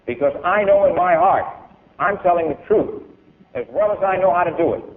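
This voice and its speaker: Speaking briskly in a high, expressive voice, a man declaims a public speech at a university event, his volume surging and dropping, and then responds to audience questions. The lo-fi archival tape gives it a tinny sound.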